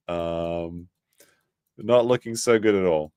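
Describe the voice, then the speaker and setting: A man's voice: low voice, sing-song, a little fast, no room sound, studio quality. A man streaming casual reaction commentary, reading news aloud and adding sarcastic, rambling asides.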